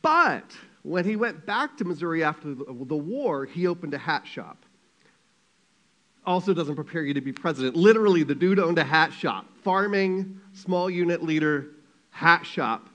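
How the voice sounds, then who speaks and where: A man preaching a sermon as a pastor, telling a story in a lively, conversational way with quick asides. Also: a little high.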